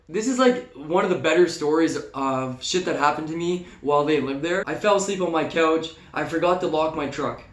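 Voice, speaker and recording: A young man casually telling a personal story, animated and swearing freely. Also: fairly high pitch, brisk, few pauses. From Canada. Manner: animated, swearing, acts out shouted quotes. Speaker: vlogger. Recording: echoey room.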